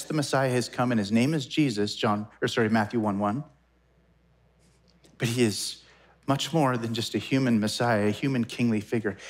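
A man in his forties preaching a sermon as a pastor, animated and conversational, with quick asides and self-corrections. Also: mid-range voice. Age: 40s.

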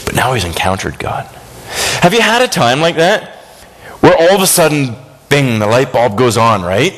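Animated man preaching a sermon. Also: moderate pace. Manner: animated, swings from high excited bursts to low hushed tones.

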